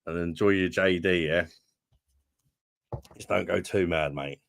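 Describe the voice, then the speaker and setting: A man's voice: deep voice, fairly even intonation, unhurried, creaky, slight background noise. A man from London with a London accent, hosting a beer livestream and bantering casually with viewers in laid-back, sweary chat. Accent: London English. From London, England. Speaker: host of a beer review livestream.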